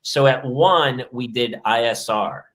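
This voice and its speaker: A man hosting a podcast, telling parenting stories in casual chat with animated, mock-exasperated asides. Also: mid-range voice, takes it slowly. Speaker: podcast host. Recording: roomy echo.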